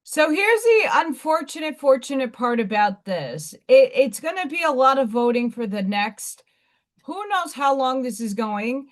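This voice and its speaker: A woman's voice: sits high, big pitch swings, measured pace. A woman hosting a live stream, chatting casually in a rambling way with blunt asides. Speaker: livestream host.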